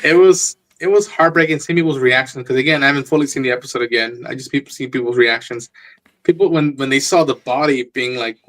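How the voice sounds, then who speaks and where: A man's voice: mid-range voice, fast, fairly bright tone. Rambling American man on a podcast. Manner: rambling, repeats words. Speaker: podcast host. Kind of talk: casual chat. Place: living in Japan.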